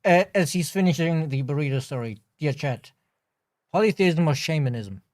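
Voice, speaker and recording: A man co-hosting a livestream, chatty and relaxed, reading out questions from chat on a close mic. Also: on the high side, normal speed, no room sound. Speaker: livestream co-host.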